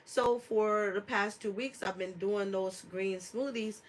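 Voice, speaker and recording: A woman's voice: medium pitch, steady tone, unhurried, rough recording. A woman hosting a live stream as an herbalist, talking casually with lots of fillers and reading viewer comments aloud. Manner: chatty, laughs often, many fillers; reads viewer comments aloud and answers them.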